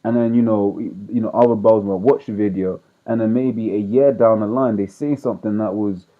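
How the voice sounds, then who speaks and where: A man's voice: on the low side, steady tone, brisk. Guy preaching off the bible, slangy, keeps saying right?, tinny phone sound. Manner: reads verses aloud, then explains in slang; checks in with "right?" after nearly every point. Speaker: street preacher. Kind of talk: informal scripture teaching.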